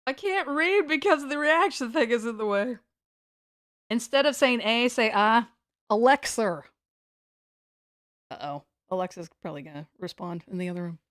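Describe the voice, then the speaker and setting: A woman's voice: a little high, expressive, normal speed, long pauses, a bit bright, dry recording, studio quality. A woman from the United States chatting casually on a live stream from home, rambling and joking at her own expense. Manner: rambling, playful, self-mocking. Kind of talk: casual livestream chat. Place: at home, sitting on the floor.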